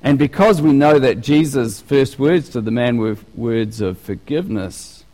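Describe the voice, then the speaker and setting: Guy preaching a sermon, chatty and animated, lots of restarts, big echoey hall. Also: medium pitch, measured pace. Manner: animated, conversational, with frequent restarts. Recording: long reverb of a large hall.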